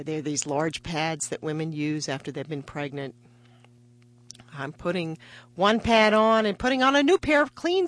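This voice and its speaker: Woman guest, physician, vivid storyteller, acts out dialogue, interview. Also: deep voice. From part Mexican heritage. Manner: vivid storytelling with lively voiced quotes. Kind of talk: personal story in a radio interview.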